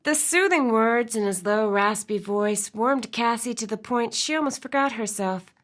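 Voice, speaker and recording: Expressive woman audiobook narrator, storytelling voice, soft in tender moments. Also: fairly high pitch, normal speed. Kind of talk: scripted narration.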